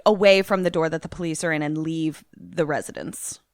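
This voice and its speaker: A woman's voice: low-pitched, brisk, dry recording, clean studio sound. A woman co-hosting a podcast, joking and swearing as she plays out what she would do. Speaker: podcast co-host. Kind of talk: casual podcast chat.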